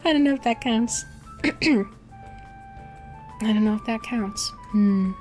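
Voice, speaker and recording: A woman's voice: on the high side, takes it slowly, darkish tone, faint music behind. A woman VTuber chatting casually on a livestream, rambling and swearing often, laughing between thoughts. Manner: rambling, profane, frequent laughs. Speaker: VTuber streamer.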